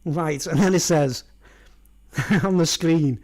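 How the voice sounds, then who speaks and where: A male vlogger with a fairly high, somewhat mellow voice speaks slowly and pauses often in a casual, meandering monologue, his voice slightly raised. He chuckles at his own jokes and keeps tossing in "you know what I mean," so the talk wanders loosely.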